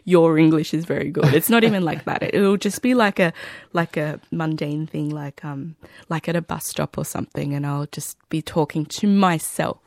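Woman, comedian guest, lowish voice, playful and wry, dry close studio sound. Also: moderate pace, vocal fry, a little mellow, dry recording. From Australia. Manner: playful, wry, rambling storytelling. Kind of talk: casual radio interview.

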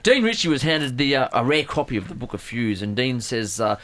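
An Australian man in radio sports banter, hesitant with fillers, reading out quotes and quick to agree. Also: mid-range voice, big pitch swings, fairly bright tone. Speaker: radio co-host.

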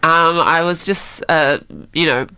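A woman hosts a live radio arts show with a blocked, nasal voice. Her tone is bright and crisp. The studio sound is close and dry, and she chats playfully at her own expense. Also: low-pitched, fairly even intonation, takes it slowly, no echo. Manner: chatty, self-deprecating, playful. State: stuffy, blocked nose. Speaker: radio host. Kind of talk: live community radio chat. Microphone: studio microphone.

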